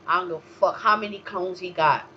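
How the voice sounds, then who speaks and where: Briskly paced and profane, a woman's solo talk-show rant rises from low grumbles to outright yelling. The audio is dull, with a slight hiss or hum.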